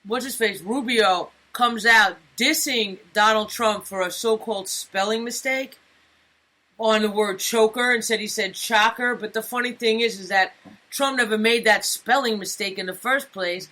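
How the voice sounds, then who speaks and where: Bright-voiced streetwise woman co-host. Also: medium pitch, moderate pace. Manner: streetwise, chatty, keeps asking "you know what I'm saying". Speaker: radio co-host. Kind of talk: casual crude banter.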